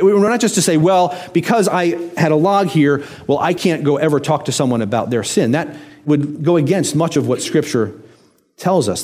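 A man preaching a sermon in a conversational way, asking rhetorical questions and dropping to a quiet, low voice on key phrases. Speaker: pastor.

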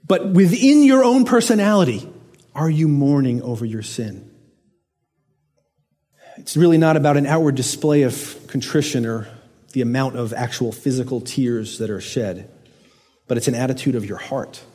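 A middle-aged man preaching a sermon, earnest, rising for emphasis and dropping to hushed low lines. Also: lively intonation, normal speed, long pauses, long reverb tail. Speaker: pastor.

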